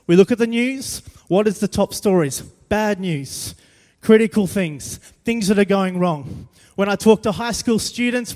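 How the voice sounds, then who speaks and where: Preacher with hall reverb. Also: male voice, high voice, darkish tone. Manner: storytelling, self-deprecating humor. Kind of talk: sermon.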